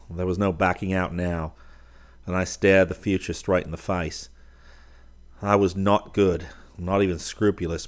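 A man narrating a first-person story in a measured, dramatic reading. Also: low voice. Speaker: audiobook narrator.

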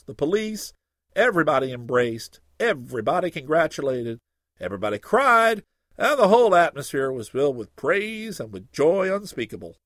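A man reading a humorous story aloud in an expressive, lively storytelling way. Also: fairly high pitch, dry recording, clean studio sound.

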